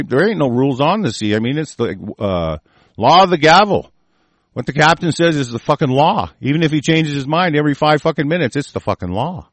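A man with a slightly high voice reads the news aloud, then breaks into furious, profane political rants. There's no echo.

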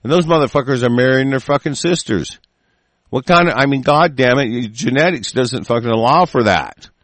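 A male host in a furious, profane rant who keeps stumbling over and restarting his phrases. His voice sits in an ordinary middle pitch, recorded dry and close with no room sound. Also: normal speed, a bit bright, no echo. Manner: heated, profane, repeats and restarts.

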